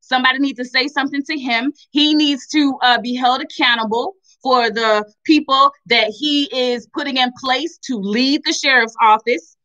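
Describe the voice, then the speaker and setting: Bright-voiced emphatic woman. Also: high-pitched, normal speed, few pauses, dull audio. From Chattanooga, Tennessee. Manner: emphatic, repeats phrases for stress. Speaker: vlogger. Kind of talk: impassioned commentary.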